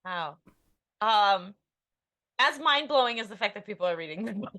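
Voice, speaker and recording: This thirties-aged woman is an author being interviewed on a podcast, and her medium-pitched voice is bright, forceful, and expressive at a normal speed. Her talk is candid and wandering, self-deprecating, and thick with filler words.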